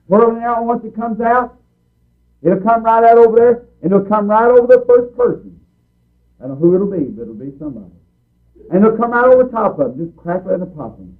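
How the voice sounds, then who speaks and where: A man's voice: very high voice, animated, brisk. A man preaching a fervent sermon in a folksy, emphatic way, repeating his points over and over. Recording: tinny phone-like recording.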